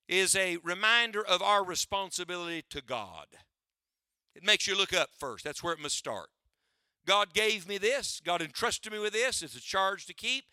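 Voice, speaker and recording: With a bright, forceful, high-pitched voice, a male pastor delivers a sermon to his congregation in a preacher's rhythm. He poses rhetorical questions and frequently asks people to note down his points. It's studio quality with no echo.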